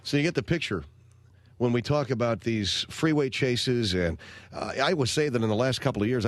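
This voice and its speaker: A man's voice: mid-range voice, dry recording. A man in his forties hosting a talk radio show, telling rambling, wry stories. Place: radio studio. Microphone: close studio microphone.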